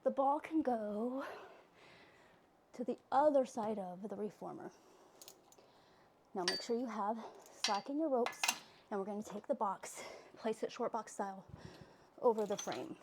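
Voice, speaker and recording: A woman's voice: on the high side, a little slow, pauses often, noisy background. A woman leading a pilates workout class, giving exercise cues while she works out herself and gets out of breath. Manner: cueing exercises while working out, breathy exhales. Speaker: pilates instructor.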